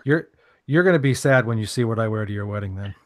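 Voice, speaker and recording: A man's voice: lowish voice, expressive, fast, dry recording, clean studio sound. A man hosting a casual podcast, steering the talk with loose, joking, rambling remarks. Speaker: podcast host.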